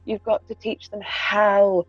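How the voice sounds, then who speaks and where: A woman's voice: mid-range voice, level tone, slow pace, husky, no room sound, muffled recording, faint music behind. A woman in casual chat, candid and earnest, swearing freely. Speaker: podcast co-host, parent.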